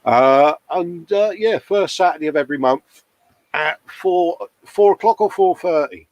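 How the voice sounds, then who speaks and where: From his hobby workbench at home, a man with a high, slightly mellow voice hosts a live model-painting stream at a measured pace. He chats casually, reads viewer comments, calls people mate, and laughs often at himself. The recording is low quality, with no room sound.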